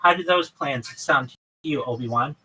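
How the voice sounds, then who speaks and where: A man's voice: mid-range voice, moderate pace, sharp tone, slightly rough, recorded from a distance, poor audio. A man hosting a livestream chat with a caller, earnestly listing his plans in long runs. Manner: earnest, lists many topics in long runs. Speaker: livestream host.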